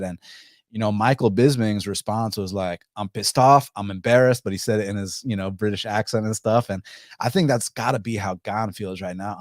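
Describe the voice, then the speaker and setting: A man's voice: on the low side, darkish tone, dry recording, clean studio sound. A man hosting a casual fight-betting show, rambling and profane, with many restarts. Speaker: podcast host.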